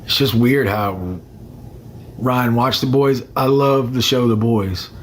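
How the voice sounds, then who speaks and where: Young man, casual livestream chat, rambling, mid-range pitch. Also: slow. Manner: rambling, greets commenters by name.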